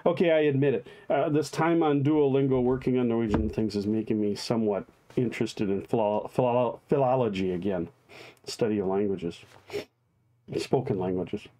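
A man's voice: mid-range voice, steady tone, moderate pace, mellow, slight background noise. A man, a pastor, leading a live-streamed daily devotion, chatting with viewers by name and reading liturgy aloud.

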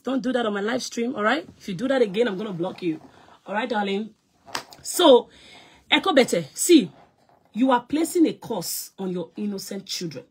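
A Nigerian woman, an actress and producer, scolding someone loudly on a live stream and mixing in Pidgin English. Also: slightly rough. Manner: loud and scolding, mixing Pidgin English, big swings in pitch and volume.

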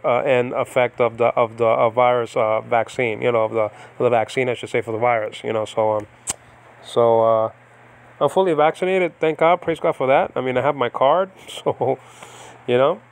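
A man's voice: mid-range voice, steady tone, moderate pace. A middle-aged man from the United States giving a casual Bible study lesson from his home, rambling with many fillers and restarts. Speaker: Bible teacher. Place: home in the Philippines.

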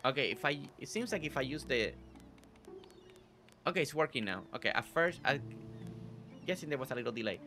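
A man's voice: medium pitch, expressive, fairly quick, long pauses, pushed and bright. A man with a slight non-native accent hosting a live gameplay stream, chatting upbeat with viewers as he plays. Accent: non-native English accent. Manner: upbeat, greets chat viewers by name. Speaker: gaming channel host. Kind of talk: casual live gameplay commentary. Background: faint game music.

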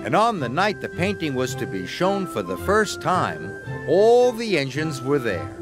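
A man narrating a storybook cartoon in a gentle, expressive, scripted way. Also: on the high side, a little slow. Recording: narration over background music. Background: music.

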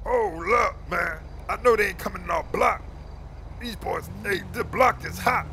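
Give me a gravelly, high, shouty man roasting rivals. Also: measured pace, a little hiss or hum. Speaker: rival gang leader in game roleplay. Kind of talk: gaming roleplay banter.

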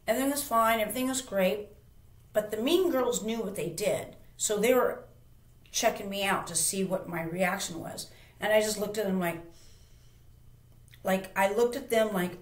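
A woman's voice: mid-range voice, normal speed, long pauses. A woman host telling a personal story casually, emphatic and rambling, with frequent restarts and repeats. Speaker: channel host. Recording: roomy echo.

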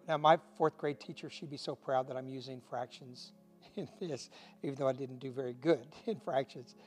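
A man preaching a short devotional in a folksy, earnest way, joking at his own expense now and then. His voice sits a little higher than most men's. Soft music plays faintly behind him. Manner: folksy and earnest, with self-deprecating asides. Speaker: pastor. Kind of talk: short recorded devotional sermon.

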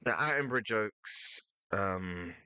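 A man giving playful, animated commentary while playing a video game, thinking aloud and repeating himself. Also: on the low side, slow pace, clean tone. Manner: animated, playful, sudden loud outbursts. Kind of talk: live gameplay commentary.

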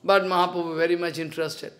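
A man's voice: fairly high pitch, little pitch movement, quick pace, fairly bright tone. A man with an Indian accent, a spiritual teacher telling a devotional story in simple, broken English and acting out the dialogue.

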